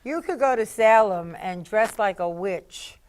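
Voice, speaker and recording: A woman's voice: mid-range voice, expressive, unhurried, darkish tone, clear, resonant tone. A woman hosting a public-access TV talk show, chatting casually and telling rambling anecdotes to her guests. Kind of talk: casual studio chat.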